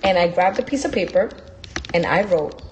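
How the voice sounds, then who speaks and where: A woman's voice: on the low side, animated, moderate pace, darkish tone, dull audio, slight background noise. A woman hosting a podcast, giving an emphatic, preachy motivational talk full of repetition, speaking from her desk. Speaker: podcast host.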